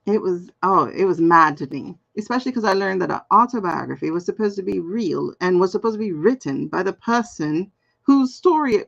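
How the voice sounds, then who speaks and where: With a medium-pitched voice and noticeable vocal fry, this tarot reader in her forties keeps her livestream loose and fun. She reads chat comments out loud and laughs a lot, all over a muffled recording.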